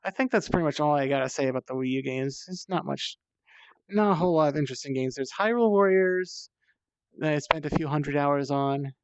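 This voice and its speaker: A slightly high-voiced man rambles as he climbs in VR, tired and thirsty, chatty and self-deprecating. His headset mic sounds dry and dead, with a dull, lo-fi tone. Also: a little fast, clean tone, dry recording. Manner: chatty and self-deprecating, swears when strained. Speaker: VR streamer. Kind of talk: casual rambling while playing.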